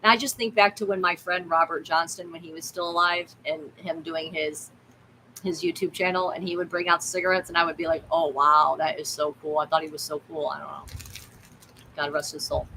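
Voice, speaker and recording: A woman's voice: on the low side, fairly even intonation, fairly quick, bright, forceful tone, slight background noise, low-quality recording. Blunt, rambling woman streaming live. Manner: candid, rambling, blunt, swears freely. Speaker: tarot reader and livestream host. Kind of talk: casual livestream chat.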